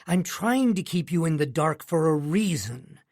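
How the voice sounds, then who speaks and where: A man's voice: a little high, animated, normal speed, a little mellow, dry recording, studio quality. A man voicing a bellowing tycoon father. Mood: wheedling. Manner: bellowing, swings to wheedling. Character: volatile middle-aged male tycoon father. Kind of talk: audiobook narration.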